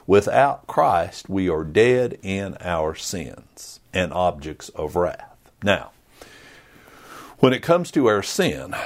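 A man's voice: fairly low pitch, vocal fry, darkish tone. A man preaching a sermon in an earnest, conversational way, acting out little asides. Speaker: pastor.

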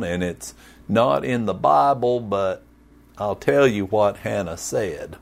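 A male pastor delivering a sermon in a slow, deliberate rhythm. His fairly low voice swings widely in pitch as he tells the story with jokes and folksy sayings. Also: animated, vocal fry.

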